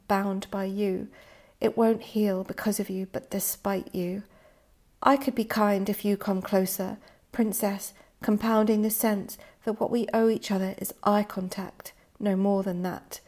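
Woman, poetry reading, dramatic monologue, measured, intense, mid-range voice. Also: mid-range voice, dark tone. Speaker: poet reading her work.

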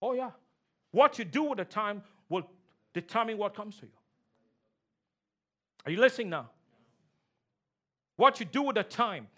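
Guy preaching in church, really high voice, bright and punchy, goes from big shouts down to low quiet lines, keeps asking the crowd to answer back. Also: lively intonation, measured pace, pauses often. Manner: call-and-response preaching, repeats key lines for emphasis; swings from loud shouts to low, quiet emphasis. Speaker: pastor. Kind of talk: sermon. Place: church sanctuary.

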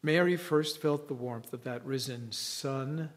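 A man preaching a sermon in a reflective way, with long dramatic pauses. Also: mid-range voice.

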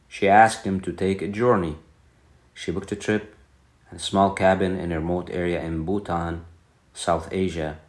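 A man narrating a bedtime story for his podcast in a calm, soothing storytelling manner. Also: deep voice.

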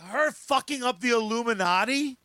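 A man co-hosting a casual comic book podcast, excitable and profane, acting out characters as he talks. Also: very high-pitched, normal speed, no echo. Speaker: podcast co-host.

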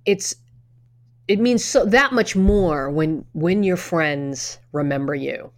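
A middle-aged woman with a fairly low voice talks in a loose, chatty way. She keeps restarting her sentences and drops in the occasional curse. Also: takes it slowly. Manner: chatty storyteller with frequent restarts and swearing. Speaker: podcast co-host. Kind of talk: casual chat.

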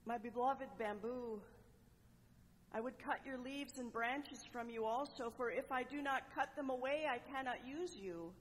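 A woman's voice: fairly high pitch, in a large hall, a little hiss or hum, close to an everyday voice. A woman voicing the grave master gardener. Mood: grave tenderness. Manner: grave, tender, slow.

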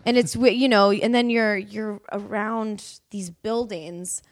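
A young woman, a podcast guest and actress, chatting and telling animated stories. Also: mid-range voice, slow pace. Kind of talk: casual chat.

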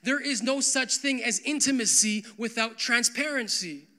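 A young man preaching a sermon as pastor, talking to his congregation in a casual, animated way with lots of filler words. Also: very high-pitched, normal speed. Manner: conversational, animated, full of "like" fillers.

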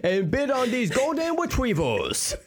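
A man's voice: very high voice, huge pitch swings, unhurried, pitched above the performer's own voice, heavily acted. A man voicing a breezy, evasive male billionaire playboy in a raised, falsely cheerful voice. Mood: smooth.

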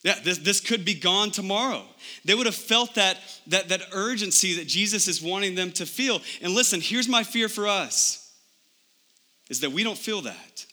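A man delivers a Sunday sermon in a very bright, slightly high voice. He talks to the congregation conversationally, often asking "right?" and repeating words. His delivery swings from emphatic peaks to quiet, low passages. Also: normal speed. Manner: animated preaching, rising to emphatic highs then dropping low. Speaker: pastor.

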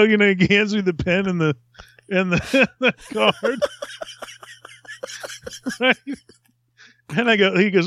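A male podcast host telling an animated story, laughing often and swearing freely. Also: high voice, slow pace, long pauses.

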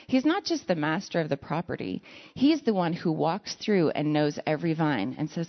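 A woman's voice: deep voice, expressive, brisk. A woman preaching a conversational sermon, telling stories with self-deprecating asides. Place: church sanctuary. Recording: lo-fi sound in a reverberant hall.

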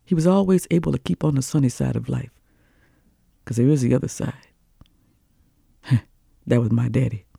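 Husky, gravelly older woman storyteller. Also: rumbling low, moderate pace, long pauses, no room sound, studio quality. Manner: animated, rhythmic, with repetitions. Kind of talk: oral storytelling performance.

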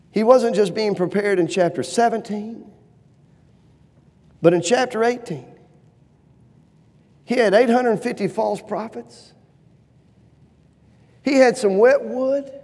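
High-pitched fervent male preacher in a reverberant hall. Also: breathy edge. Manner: fervent, swinging between loud urgent pleading and low hushed lines. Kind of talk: sermon.

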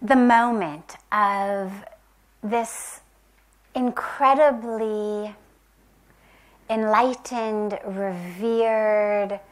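A woman from the United States telling a spiritual parable in a soft, gentle, reflective way, sometimes dropping to a whisper. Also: medium pitch, fairly even intonation. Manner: slow, gentle and reflective, with long pauses. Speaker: spiritual teacher. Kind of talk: spiritual storytelling talk.

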